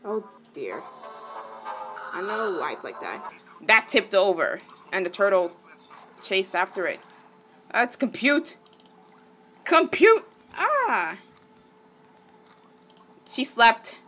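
A woman giving casual let's-play commentary, excitable, gasping and exclaiming at the game. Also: mid-range voice, slow pace, pauses often, soft background music. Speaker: gaming channel host.

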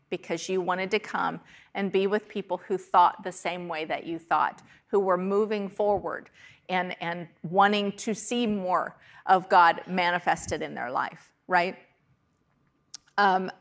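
A woman delivers a sermon in a church with an easygoing, talk-like manner. Her voice sits at a middle pitch for a woman, and she keeps checking in with her listeners as she goes. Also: a bit bright. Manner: conversational, frequent "okay?" and "right?" check-ins. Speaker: pastor.

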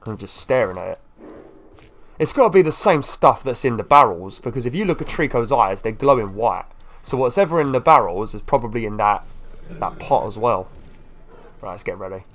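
A man's voice: medium pitch, expressive, normal speed, fairly bright tone. A man doing let's-play commentary, swearing and scolding a game creature. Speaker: gaming YouTuber.

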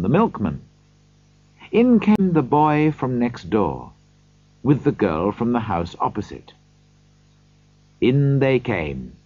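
A man reading a storybook aloud slowly for learners, in scripted narration. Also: medium pitch, darkish tone, dry recording, highs cut off. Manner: slow, clear reading for learners.

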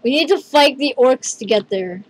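A woman hosting a casual gameplay video, excitable and rambling, calling her teammate "dude" again and again. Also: high voice, normal speed, poor audio.

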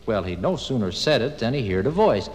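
A man's voice: medium pitch, sing-song, brisk, big-room sound, poor audio. A man narrating a children's tale in a homespun, yarn-spinning way. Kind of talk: folksy storytelling.

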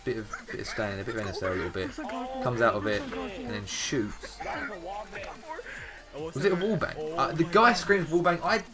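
A young man with an English accent giving casual, chatty commentary over game clips, swearing freely and handing out quick praise. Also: mid-range voice. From England. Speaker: gaming YouTuber. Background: background music.

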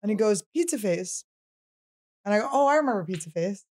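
A woman's voice: mid-range voice, expressive, very fast, darkish tone. A woman in her thirties hosting a comedy podcast, chatting casually and teasing her guest with frequent laughter. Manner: playful, teasing, laughs often. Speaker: podcast host.

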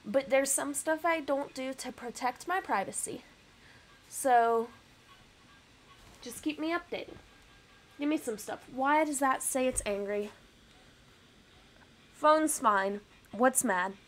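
Young woman streamer, high and bright voice, bubbly and self-deprecating, casual home webcam chat. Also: takes it slowly, long pauses. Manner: bubbly, laughs often, chatty and self-deprecating. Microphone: webcam and computer mic.

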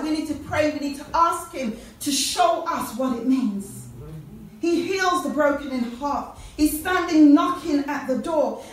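A Jamaican woman preacher giving a fervent sermon, quoting scripture to a church congregation. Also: sits high. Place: large church. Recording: echoey church from far off.

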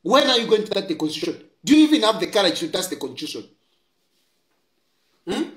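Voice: medium pitch, very animated, fast talker. A political commentator with a Zambian accent, delivering impassioned, scolding commentary and repeating key lines for emphasis. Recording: roomy echo.

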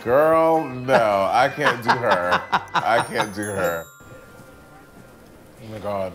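A man from the United States, a drag queen guest in casual reaction chat, brash, bawdy and quick to laugh. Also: mid-range voice, animated, gravelly, fairly bright tone, soft background music.

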